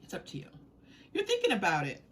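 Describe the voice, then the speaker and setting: Talking fast in a mid-range voice whose pitch swoops wildly, a woman gives her viewers a tarot reading. She's chatty and warm, giggling and frequently bursting into laughter, echoing her own phrases as she thinks.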